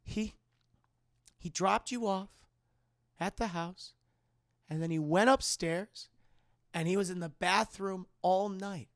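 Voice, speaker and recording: A man voicing a cold mother who asks flat, probing questions. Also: high-pitched, moderate pace, vocal fry, slightly rough, no room sound, studio quality, voice pushed up, heavily acted.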